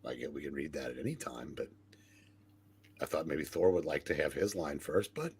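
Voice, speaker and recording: A man's voice: a bass voice, moderate pace, crowd noise. A man hosting a casual group comic reading, dry and self-deprecating.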